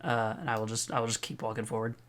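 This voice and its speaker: A man's voice: mid-range voice, fairly even intonation, fast talker, fairly bright tone, slight background noise. A man playing a character in a tabletop role-playing game, talking casually and joking with the group. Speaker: player. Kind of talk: tabletop role-play chat.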